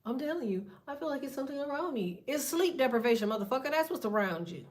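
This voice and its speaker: A woman with a slightly high voice gives a casual tarot reading. She talks bluntly, swears constantly and lectures her listener like a friend who has no patience left. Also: lively intonation, quick pace, darkish tone. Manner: blunt and profane, preachy. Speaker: tarot reader.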